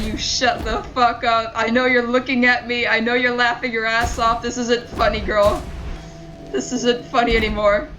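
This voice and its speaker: Woman gamer, home stream, exasperated swearing commentary, unhurried delivery, faint noise behind. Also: a little high. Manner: frustrated, swearing, talking to herself and chat. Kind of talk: casual gameplay commentary.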